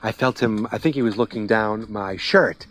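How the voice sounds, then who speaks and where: A man with a lowish, fairly bright voice hosts a podcast at a moderate pace, recapping a TV episode. He keeps it casual and sarcastic, peppering the talk with fillers and impressions of what characters said.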